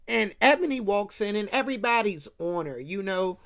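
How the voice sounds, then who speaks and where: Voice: mid-range voice, expressive, moderate pace, gravelly, hardly any pauses, a bit bright. A casual host retelling a movie plot in slangy talk, often checking in with the listener. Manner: slangy, keeps checking in with "right?". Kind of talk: casual rant retelling a film.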